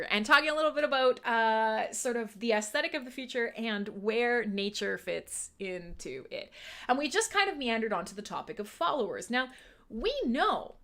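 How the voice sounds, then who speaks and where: A woman hosting a casual livestream, chatting in an animated way, laughing often and swearing now and then. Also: a little high. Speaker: livestream host.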